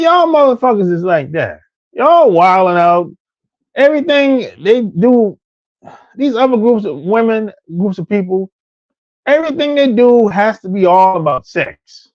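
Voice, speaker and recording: A man rants in a casual, profane, repetitive way, his fairly high voice swooping across an extremely wide range. The recording sounds dull and lo-fi, dry with no room echo. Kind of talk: casual rant.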